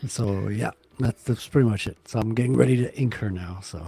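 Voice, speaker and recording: Gravelly, husky, hesitant man. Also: on the low side, warm tone, low-quality recording. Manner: slow, hesitant, describing his drawing. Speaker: comic artist. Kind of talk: casual group chat.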